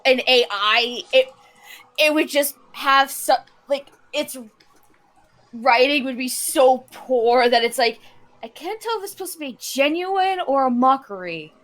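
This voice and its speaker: A woman's voice: high voice, lively intonation, measured pace, fairly bright tone. A woman in a casual chat with friends, talking enthusiastically and thinking aloud with restarts.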